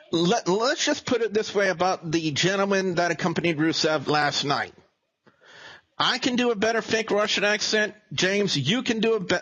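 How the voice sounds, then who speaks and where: A man hosting a casual podcast, giving a steady recap of a wrestling show. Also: on the high side, low-quality recording.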